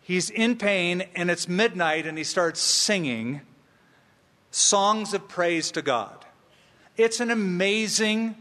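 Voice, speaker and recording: A man preaching from the pulpit at an unhurried, deliberate pace, his fairly high voice trailing off into the long echo of a big church sanctuary. He leans hard on repeated phrases and slips in dry humor between points. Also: a bit bright. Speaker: pastor. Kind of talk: sermon. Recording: long reverb of a large hall.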